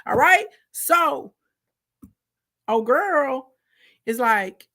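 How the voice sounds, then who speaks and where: A woman giving a lively, slangy, humorous Bible retelling, calling her listeners girl and baby. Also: high-pitched, normal speed. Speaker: Bible storyteller.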